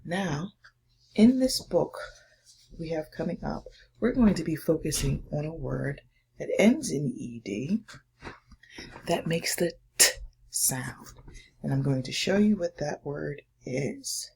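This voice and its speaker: A woman teacher giving a slow, patient, encouraging phonics lesson and read-aloud to first graders. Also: deep voice, lively intonation, vocal fry, darkish tone, slightly rough.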